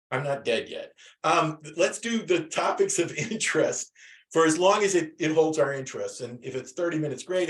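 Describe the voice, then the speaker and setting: Rambling male teacher on a class call. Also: mid-range voice. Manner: rambling, many restarts and fillers. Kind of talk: casual classroom talk. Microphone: video call.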